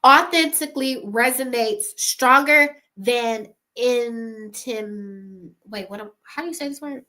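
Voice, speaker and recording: A woman's voice: on the high side, unhurried, pushed and bright. A woman, chatting casually to camera, giving motivational advice to creators, often laughing and calling her viewers y'all.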